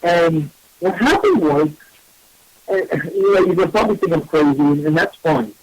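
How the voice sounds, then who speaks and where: A man, a psychic medium hosting a radio show, telling a story in a casual, animated and self-mocking way. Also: on the high side, normal speed, no room sound, poor audio.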